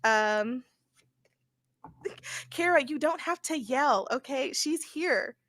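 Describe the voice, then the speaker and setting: A woman's voice: high voice, lively intonation, takes it slowly, a bit bright, dry recording. A young woman giving a casual live-stream tarot reading, blunt and laughing often, with occasional swearing. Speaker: tarot reader.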